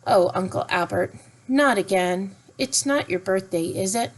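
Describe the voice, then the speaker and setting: A woman voicing a stern, prim nanny who speaks in a sharp, cross way in a storybook reading. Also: mid-range voice, a little slow, lightly acted, low-quality recording.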